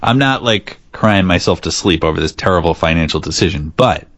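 A man's voice: low-pitched, animated, a little fast, fairly bright tone, no room sound. A man co-hosting a podcast in casual chat, rambling and teasing with many fillers. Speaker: podcast co-host.

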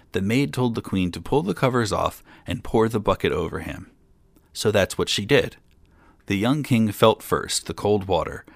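Deep, gravelly male storyteller. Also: no echo. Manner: calm, steady storytelling. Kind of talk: fairy tale read aloud.

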